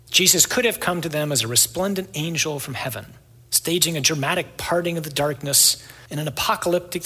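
A man's voice: a little high, bright, forceful tone, breathy edge. A man preaching a sermon in a conversational, storytelling way, tossing in rhetorical asides to his congregation. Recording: echoey hall with long reverb.

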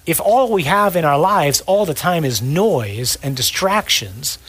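Husky-voiced male priest preaching casually. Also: on the high side, a little slow, poor audio. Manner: conversational, animated preaching with acted-out quotes. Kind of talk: sermon.

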